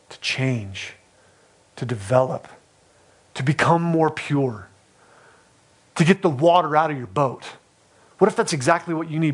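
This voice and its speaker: A man in his thirties preaching a sermon with passion, voicing pleas in a rising, loud voice and repeating his phrases. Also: fairly high pitch. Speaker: pastor.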